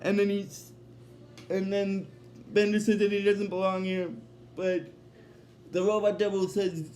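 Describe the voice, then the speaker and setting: A man casually recapping a cartoon episode, halting often with fillers and restarts. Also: sits high, level tone, a little mellow, a little hiss or hum. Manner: halting, filler-heavy retelling.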